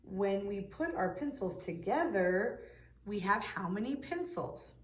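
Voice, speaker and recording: A woman's voice: mid-range voice, lively intonation, unhurried. A woman teaching a preschool video lesson, patiently sounding out words for young children. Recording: echoey room.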